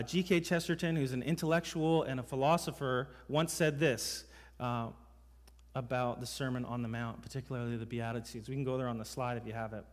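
Emphatic male pastor preaching in a hall. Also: medium pitch. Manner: emphatic preaching with rhetorical questions. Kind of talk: sermon. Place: church sanctuary. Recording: reverberant hall sound.

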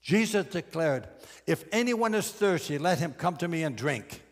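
A male pastor delivering a sermon in a high, animated voice that swings widely in pitch. He slows down and presses on the key phrases with emphatic, deliberate preaching. His voice trails off into a long reverb.

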